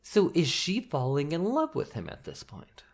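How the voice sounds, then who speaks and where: A man's voice: a little high, huge pitch swings, normal speed. A man co-hosting a podcast, talking through a movie in a casual, thoughtful and opinionated way, with plenty of "like" in his speech. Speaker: podcast co-host. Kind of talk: casual film discussion.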